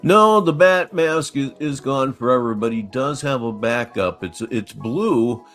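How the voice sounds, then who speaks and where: A man's voice: mid-range voice, animated, measured pace, a bit bright, faint music behind. A man hosting a reaction stream, answering a clip with blunt, mocking sarcasm. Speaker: commentary streamer host. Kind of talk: reaction commentary.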